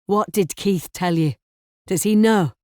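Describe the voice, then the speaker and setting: A woman's voice: mid-range voice, measured pace, dark tone, no room sound, studio quality, lightly acted. A woman voicing a desperate, violent middle-aged man who snarls threats in a crime audiobook. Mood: menacing. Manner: snarling, bullying.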